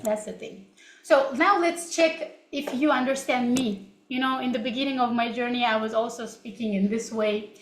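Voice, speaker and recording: With a fairly high voice at normal speed, a young woman from Kazakhstan, a native Kazakh speaker, gives a chatty, cheerful live English lesson and laughs a lot. The room echoes, and there's a little hiss or hum.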